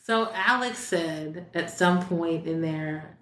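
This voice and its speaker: Animated woman telling a story, low voice. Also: takes it slowly. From Texas. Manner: animated, acts out quoted lines in raised voices. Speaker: guest. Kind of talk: casual storytelling chat. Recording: echoey room.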